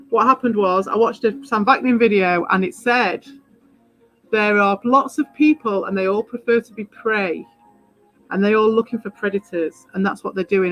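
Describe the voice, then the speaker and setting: A woman's voice: mid-range voice, rough recording. A woman chatting casually while she streams a game, rambling from thought to thought and swearing freely as she gets worked up. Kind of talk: casual live-stream chat while playing.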